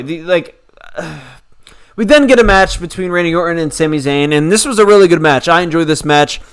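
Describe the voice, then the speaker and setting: A man casually recapping a wrestling show, opinionated and rambling, with lots of fillers. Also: a little high.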